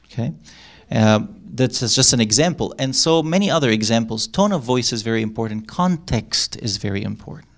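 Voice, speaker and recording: A middle-aged man speaking to a live audience in an ordinary, mid-range voice. He talks in an animated way, acting out quoted lines and laughing often. His delivery is loose and conversational. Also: mid-range voice, moderate pace, hardly any pauses. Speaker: workshop speaker.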